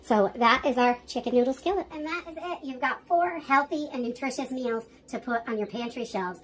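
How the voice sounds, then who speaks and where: A woman's voice: high voice, fairly quick. A woman explaining a recipe in an upbeat, instructive cooking demo. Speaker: home cook demonstrating a recipe. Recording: loud kitchen clatter behind. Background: kitchen clatter.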